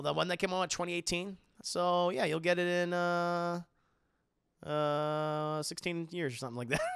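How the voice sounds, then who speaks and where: A man with a gravelly edge to a bright, forceful voice talks in loose, rambling chat, swinging his pitch up and down with excitement. He swears freely and laughs often. The sound is dry and close. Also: no echo. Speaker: podcast host. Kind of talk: casual chat.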